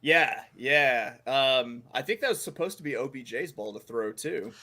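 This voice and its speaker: A male podcast co-host chats casually with animated emphasis, his mid-range voice bright-edged, dry and close on the mic with no room sound. At a moderate pace, he often stops with fillers and restarts before pressing on.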